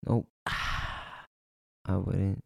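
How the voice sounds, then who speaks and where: A man's voice: deep voice, little pitch movement, very slow, gravelly, breathy edge, dry recording. A young man in casual crude chat with friends, blunt and skeptical.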